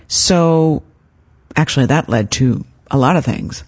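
A woman hosting a self-help podcast, talking gently and encouragingly as a life coach. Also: sits low, lively intonation, unhurried. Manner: gentle, encouraging, acts out her inner voice in quotes.

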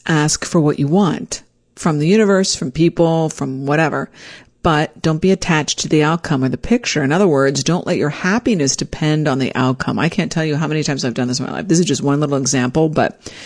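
Animated woman telling a personal story. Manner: animated, acts out her own quoted lines with big pitch jumps; self-deprecating, reflective.

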